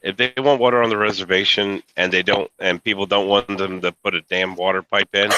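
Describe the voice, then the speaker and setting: A man co-hosting a podcast live stream, talking in a blunt, gruff, profane way. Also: deep voice, fairly even intonation, brisk, hardly any pauses, pushed and bright, no echo, low-quality recording. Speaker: podcast co-host. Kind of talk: casual talk.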